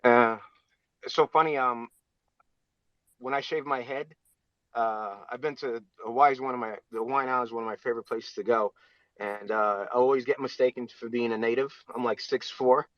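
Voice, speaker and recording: Man, ordinary pitch, halting and filler-heavy, muffled dry call audio. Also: fairly even intonation, dry recording. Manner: halting, many fillers and restarts. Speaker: audience speaker. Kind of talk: casual live audio chat.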